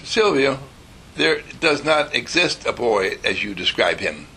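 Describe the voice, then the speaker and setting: A man's voice: mid-range voice, very animated, a little slow, pushed and bright, husky, heavily acted. A man voicing a weary, worldly mother who scolds her dreamy daughter with sighing exasperation. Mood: exasperated.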